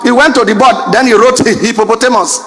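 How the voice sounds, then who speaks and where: A Nigerian man doing animated stand-up comedy to an audience, telling stories, mimicking a stammer and laughing through his lines. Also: very high voice, fairly quick, background noise. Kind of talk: stand-up comedy addressing the president. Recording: long reverb of a large hall.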